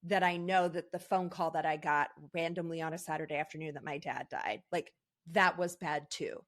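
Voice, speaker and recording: A woman's voice: low-pitched, steady tone, normal speed. A woman speaking as a podcast guest, telling personal stories candidly and with emotion in casual conversation.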